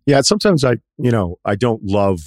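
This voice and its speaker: A man hosting a podcast in casual chat, relaxed and rambling, with restarts and side remarks. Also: mid-range voice, moderate pace, no room sound, studio quality. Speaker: podcast host.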